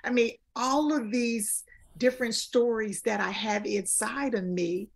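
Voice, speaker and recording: Speaking at a measured pace with vocal fry, this fifty-something woman has a fairly high, steady voice. She's a guest and life coach in a relaxed interview, sincere in tone and repeating phrases to stress her points.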